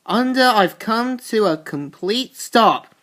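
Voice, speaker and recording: A woman's voice: on the high side, animated, slow pace, a bit bright, pitched above the performer's own voice. A woman voicing a cocky teenage boy superhero with a boastful, announcer-like delivery.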